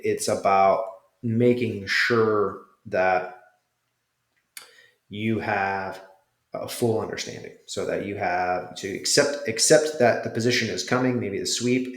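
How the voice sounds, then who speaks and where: Low-voiced man reviewing in a roomy space. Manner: conversational, thinking aloud with fillers. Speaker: jiu jitsu instructor reviewing a course. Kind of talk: casual spoken review. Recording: roomy echo.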